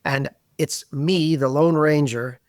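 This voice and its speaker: A middle-aged man from Canada, a podcast guest telling animated, self-deprecating stories in a relaxed conversation. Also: a little high, takes it slowly, no room sound, clean studio sound. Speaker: interview guest. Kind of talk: conversational interview.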